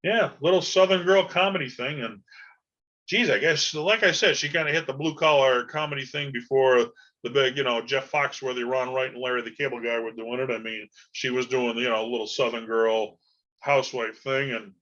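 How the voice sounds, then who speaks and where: Rambling folksy man with bright voice. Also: mid-range voice, steady tone, normal speed, lo-fi sound. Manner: rambling and folksy, full of fillers. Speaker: podcast host. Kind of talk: casual solo podcast monologue.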